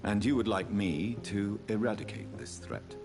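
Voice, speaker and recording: An actor playing a brooding young vampire doctor who speaks in a measured, solemn, formal way. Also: male voice, on the low side, creaky. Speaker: game character. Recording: game audio with music behind.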